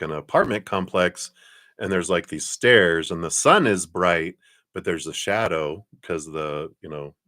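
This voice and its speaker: A middle-aged man hosting a live card-reading stream, chatting casually, often chuckling and clearing his throat. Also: low voice, pushed and bright.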